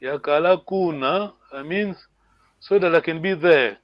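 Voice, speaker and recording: Speaking at a moderate pace with a fairly high pitch, a man leads an online language class in a dry, dull-sounding recording. He patiently repeats himself and keeps asking "yeah?" to be sure everyone is keeping up.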